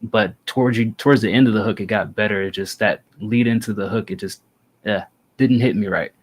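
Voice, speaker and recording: A man hosting a casual music review show, giving measured critical feedback. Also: fairly low pitch.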